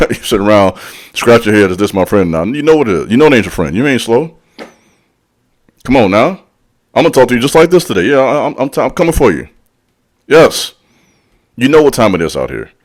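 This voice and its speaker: A man's voice: medium pitch, sing-song, brisk, pauses often. A man giving a blunt motivational talk as a spiritual leader, using casual slang, calling out the listener directly and repeating lines for emphasis. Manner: preachy, direct, calls out the listener. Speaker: channel host and spiritual speaker. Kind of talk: motivational monologue.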